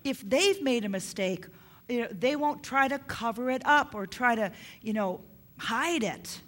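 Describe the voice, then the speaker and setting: A woman's voice: a little high, expressive, measured pace, a bit bright. Earnest middle-aged woman preaching. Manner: earnest, repeats key lines for emphasis. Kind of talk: sermon on parenting.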